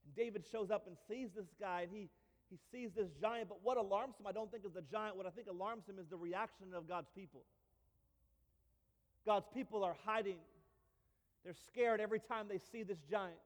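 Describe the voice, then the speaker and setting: High-voiced preacher in a reverberant hall. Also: male voice, normal speed. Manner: emphatic, repetitive, with light humor. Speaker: pastor. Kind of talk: sermon. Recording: long reverb of a large hall.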